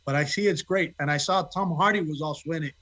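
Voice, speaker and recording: Man, actor guest, high voice, easygoing, talkative, casual chat. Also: quick pace, sharp tone.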